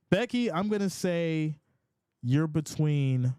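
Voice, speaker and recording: A man hosting a casual live sports reaction stream, reading chat comments aloud in a playful, animated way. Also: on the high side, slow pace, clean tone, no room sound, studio quality. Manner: animated and playful, often laughs.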